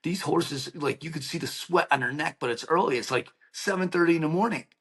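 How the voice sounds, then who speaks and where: Animated middle-aged man telling a story. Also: on the high side, brisk. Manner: animated storyteller, acts out quoted dialogue, many "like" and "right?" fillers. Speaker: podcast guest, founder. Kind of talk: emotional personal storytelling in an interview.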